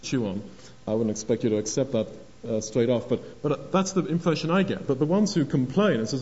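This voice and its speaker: An older man preaching a sermon on scripture, halting and repeating words, acting out the voices of people in the story. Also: mid-range voice, darkish tone. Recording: dull lo-fi recording.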